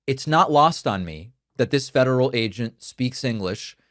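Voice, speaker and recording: A man who grew up speaking Spanish, hosting a political commentary show and talking in an earnest, emphatic, measured way into a studio microphone. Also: mid-range voice, animated, a bit bright, no echo. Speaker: show host. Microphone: studio dynamic microphone.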